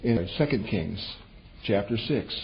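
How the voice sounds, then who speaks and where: A man's voice: takes it slowly, creaky. A male preacher in mid-sermon, his voice leaping up and down as he retells a scripture story and puts on the characters' lines. The recording is dull and lo-fi, with a faint hiss behind him. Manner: animated storytelling, voices quotes with sudden pitch jumps.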